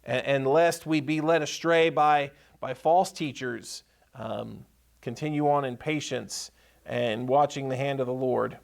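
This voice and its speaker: A man's voice: medium pitch, steady tone, measured pace, creaky. A man preaching a sermon as pastor, reading scripture aloud and repeating key points with emphasis. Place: church sanctuary.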